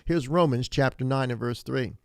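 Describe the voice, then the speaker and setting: A man preaching a sermon as pastor, animated, rising to emphatic peaks and often restarting his phrases. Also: medium pitch, moderate pace, gravelly, no room sound, studio quality.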